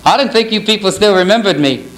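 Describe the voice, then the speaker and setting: A man's voice: high voice, expressive, fast talker, fairly bright tone. A man impersonating a folksy, self-deprecating older Southern ex-president at a banquet. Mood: wry. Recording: banquet hall with crowd laughter.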